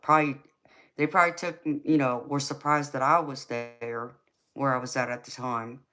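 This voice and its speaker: A woman with a Southern US accent, a tarot reader chatting through a live reading, reassuring and loose, with lots of "you know". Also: rumbling low. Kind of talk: live-stream tarot reading, answering chat.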